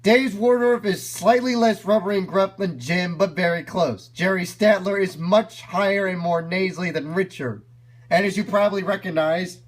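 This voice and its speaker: A man's voice: high-pitched, normal speed. Upbeat man commenting on clips. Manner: enthusiastic, explains as he goes. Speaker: video reviewer.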